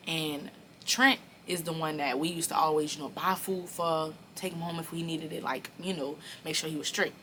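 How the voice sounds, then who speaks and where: Lively New woman telling a story. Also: low-pitched, normal speed, a little hiss or hum. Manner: animated, profane, talks straight to viewers. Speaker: vlogger. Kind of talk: casual storytime.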